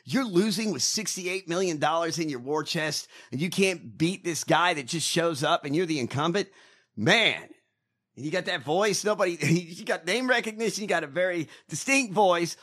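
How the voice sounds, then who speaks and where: A man's voice: on the high side, expressive, moderate pace, fairly bright tone. A man hosting a casual chat, brash, profane and mocking. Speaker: podcast host.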